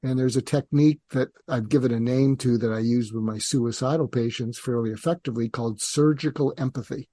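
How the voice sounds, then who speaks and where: Calm older man with a mellow voice. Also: medium pitch, no echo. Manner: calm, measured, acts out parent and teen dialogue. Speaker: psychiatrist guest. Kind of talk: conversational interview explanation.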